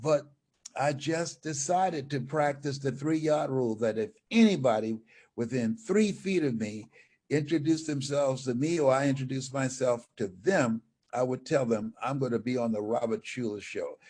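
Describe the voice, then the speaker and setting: In an interview where he's the guest, an older motivational speaker tells stories animatedly, acting out the dialogue. He has a medium-pitched voice and speaks at a moderate pace.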